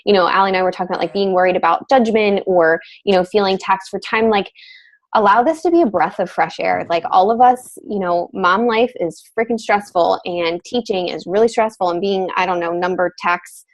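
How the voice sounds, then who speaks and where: A woman's voice: mid-range voice, brisk, low-quality recording. Gushing upbeat woman coach. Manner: gushing, upbeat, filler-heavy. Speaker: fitness team coach. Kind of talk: casual group video call.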